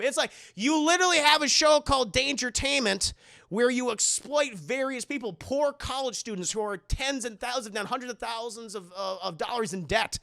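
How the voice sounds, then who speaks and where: A young man streamer giving a profane, animated comedic movie recap to his chat, often laughing. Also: extremely high pitch, moderate pace, vocal fry.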